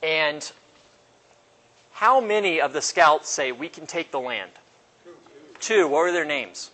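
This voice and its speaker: A man leads a casual Bible class, his voice sitting a little higher than most. He talks loosely and quizzes his listeners. He acts out quotes with sudden jumps in pitch. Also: expressive, slow, pushed and bright. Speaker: Bible study teacher.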